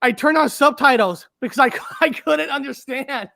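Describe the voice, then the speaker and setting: A woman co-hosting a podcast, talking hesitantly with many pauses and restarts in casual chat. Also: sits high, vocal fry, fairly bright tone, no echo, clean studio sound. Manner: hesitant, many fillers and restarts, self-conscious.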